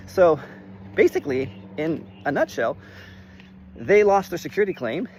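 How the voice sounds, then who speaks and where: A man talks through a real estate story in a casual vlog. He is animated, says "like" often, and swears freely. His voice sits a little high, with faint background noise. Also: brisk. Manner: animated, swears when worked up, lots of "like".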